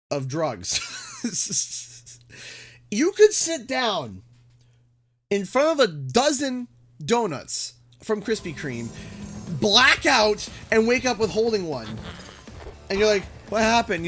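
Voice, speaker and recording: A man from Canada chats casually on his game livestream, ranting with jokes. His pitch swings widely as he talks. Faint music plays behind him. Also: slow, pauses often. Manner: animated ranting, jokey. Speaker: gaming livestream host. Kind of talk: casual chat.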